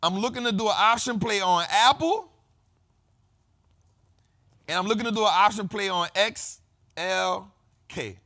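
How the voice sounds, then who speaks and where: A man hosting a casual investing show, explaining market terms in slangy, repetitive, animated talk. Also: sits high, measured pace, long pauses. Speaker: host.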